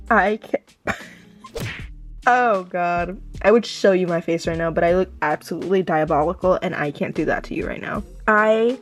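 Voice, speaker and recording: A woman's voice: fairly high pitch, a little slow, soft background music. Exasperated young woman ranting about a book. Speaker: book vlogger. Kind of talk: casual reading vlog reactions.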